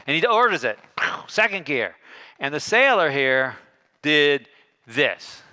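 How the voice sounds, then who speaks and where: A man giving a keynote talk on a conference stage, telling a story and acting out the dialogue with lively shifts in tone. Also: a little high, takes it slowly. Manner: animated, acts out dialogue with shifting tones. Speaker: keynote speaker.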